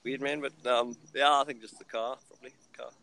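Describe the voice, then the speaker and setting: A man's voice: medium pitch, steady tone, brisk, pushed and bright, no room sound, rough recording. A man with a South African accent co-hosting a podcast, chatting casually about fan mail. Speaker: podcast co-host. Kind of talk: casual chat.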